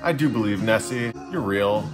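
A man putting on a deliberately poor Scottish accent, voicing a Scot who earnestly declares belief in Nessie. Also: lowish voice, expressive, over music, voice pushed down, close to an everyday voice. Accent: put-on Scottish, self-described as poor. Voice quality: playful, clumsy imitation.

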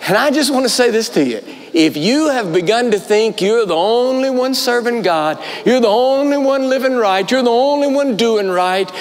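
A man preaching a sermon, telling the story dramatically, voicing its characters, and repeating lines for emphasis. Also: high voice. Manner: emphatic repetition. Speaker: guest preacher. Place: large church auditorium. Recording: long hall reverb.

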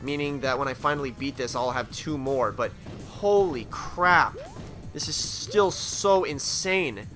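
A man commentating his own game play, excitable and prone to panicked, swearing outbursts while talking to the game character. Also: mid-range voice, a little slow, faint music behind. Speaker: gaming let's play host.

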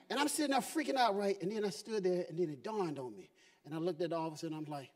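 A man's voice: high voice, quick pace, darkish tone. A man doing a stand-up set, storytelling with animation and laughing at his own jokes on a live comedy stage. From Southern US.

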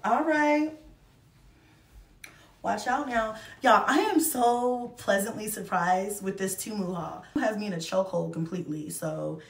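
A woman's voice: medium pitch, measured pace. Effusive chatty woman in an echoey room. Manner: chatty and effusive, addressing viewers as y'all. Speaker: vlogger reviewing a shopping haul. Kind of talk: casual chat to camera. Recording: echoey room, mic at a distance.

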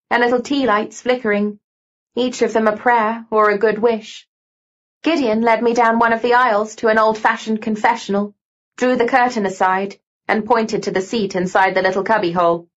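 A woman narrating a novel in first person with steady, even storytelling. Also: on the high side, dull audio. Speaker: audiobook narrator.

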